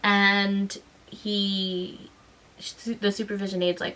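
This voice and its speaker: A mother and vlogger in a casual storytelling vlog, talking in an animated way and acting out the voices of people in her story. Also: medium pitch, measured pace, low-quality recording. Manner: animated, acts out quoted voices.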